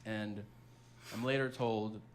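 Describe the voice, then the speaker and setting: A man doing stand-up, telling a long personal story in an animated way and acting out other people's lines. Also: fairly low pitch, slow. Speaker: stand-up comedian.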